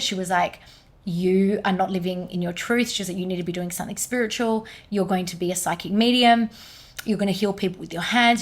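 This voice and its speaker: A young woman talks through a personal story on a podcast as the guest, an energy healer. She often acts out what others said to her, jumping into quick, lively bursts of quoted speech before settling back into steady talk. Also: mid-range voice. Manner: animated retelling, quoting others in lively bursts.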